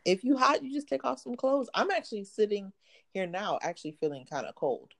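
A woman's voice: medium pitch, animated, fairly quick, gravelly. A woman chatting casually as a co-host, playful and teasing, laughing easily. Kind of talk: casual chat.

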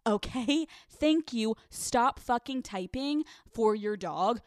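A woman's voice: on the high side, lively intonation, slow, hardly any pauses, no room sound, studio quality. A woman hosting a podcast in casual chat, candid and profane, laughing often. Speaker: podcast host.

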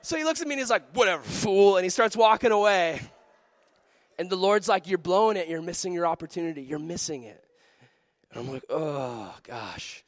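A young man preaching to a youth group, telling a story with lively acted-out voices and frequent laughter. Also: sits high, moderate pace, no room sound. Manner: animated, acts out voices in his story, laughs often. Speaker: pastor.

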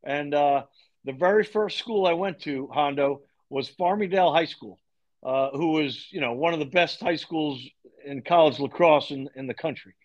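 A middle-aged man from Long Island tells long stories as a podcast guest, slipping into the voices of the people he quotes. His voice sits a little high for a man. The recording has a dull, lo-fi sound. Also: normal speed. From Long Island, New York. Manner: animated storyteller, acts out quoted dialogue. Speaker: podcast guest, lacrosse coach. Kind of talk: storytelling in a podcast interview.

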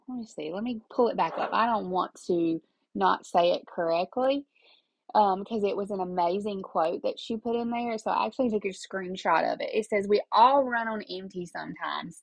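A woman's voice: medium pitch, gravelly, dry recording, rough recording. A middle-aged woman, talking casually and emotionally as a podcast host, rambling from one thought to the next. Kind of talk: casual personal talk.

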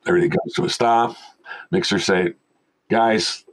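A man's voice: fairly low pitch, normal speed, rough recording. An older man, a veteran film sound mixer, telling stories casually as an interview guest and animatedly acting out the people in them. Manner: animated storyteller who acts out quoted voices.

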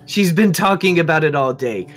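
A fussy, doting mother figure in a tabletop role-play, her voice pushed up high and bright. She coos over her son one moment and snaps at him the next, as a man puts her on. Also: expressive, normal speed. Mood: coaxing. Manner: raised, doting and scolding voice. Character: fussy middle-aged mother and aunt.

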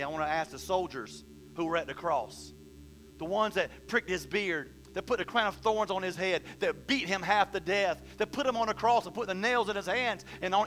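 A man's voice: sits high, fairly bright tone, slight background noise. A man pastor preaching a sermon, asking questions and reading scripture aloud. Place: church hall.

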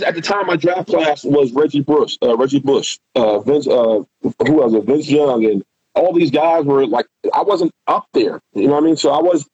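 A middle-aged man, a guest and former football player, telling a rambling, animated story in casual talk and swearing freely. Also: mid-range voice, breathy edge, dry recording, highs cut off.

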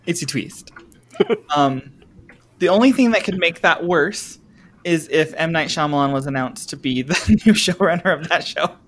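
A man's voice: a little high, normal speed, a bit bright, slight background noise. A man co-hosting a casual podcast, rambling and searching for his words. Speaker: podcast co-host. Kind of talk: casual chat.

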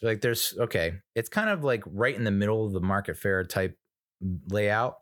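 Rambling exasperated man, lively voice. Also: lowish voice, normal speed, no room sound, studio quality. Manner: rambling, exasperated, profane, acts out other people's lines. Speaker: podcast host. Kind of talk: casual storytelling monologue.

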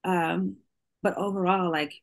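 A woman's voice: on the low side, fairly even intonation, measured pace, gravelly. A woman, a singer, talking candidly in an interview, open and emotional, laughing often as she speaks.

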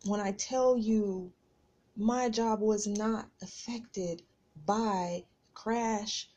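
A woman's voice: mid-range voice, steady tone, very slow, darkish tone, highs cut off. A woman hosting a podcast, telling a personal story in a chatty, casual way and talking straight to her listeners. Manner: chatty, addresses listeners as "y'all". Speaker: podcast host.

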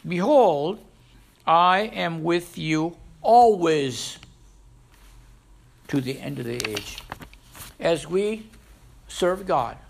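Guy preaching, gravelly, jumps from loud highs to quiet lows. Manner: animated preaching, with sudden loud rises and soft drops. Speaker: pastor, missionary preacher. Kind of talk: sermon.

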